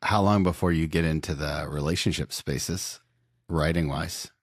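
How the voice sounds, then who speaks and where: A man's voice: rumbling low, steady tone, moderate pace, no echo, clean studio sound. A man hosting a podcast interview who talks in an enthusiastic, encouraging way. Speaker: podcast host. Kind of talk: casual interview.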